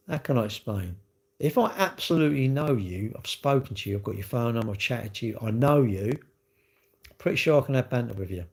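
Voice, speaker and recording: A man's voice: mid-range voice, a little mellow. Rambling man on a livestream. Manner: rambling, repetitive, defensive. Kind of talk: casual live chat to viewers.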